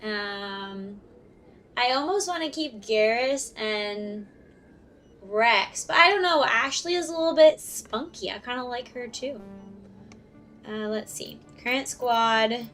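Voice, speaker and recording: A woman's voice: fairly high pitch, slow pace, a bit bright. A young woman streamer giving casual, chatty, giggly commentary while playing a video game at home on a desk mic. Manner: chatty, giggly, self-mocking. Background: game music.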